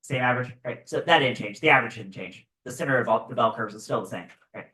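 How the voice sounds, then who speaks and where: A male physics teacher giving a classroom lecture, animated and constantly checking in with "right?". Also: medium pitch, quick pace, far from the mic, low-quality recording. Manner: animated, keeps asking "right?".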